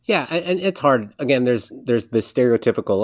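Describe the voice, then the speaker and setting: A man's voice: medium pitch, big pitch swings, a little fast, dry recording. Frank man hosting a podcast, dry mic. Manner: frank, laughs often. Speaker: podcast host. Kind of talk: casual interview.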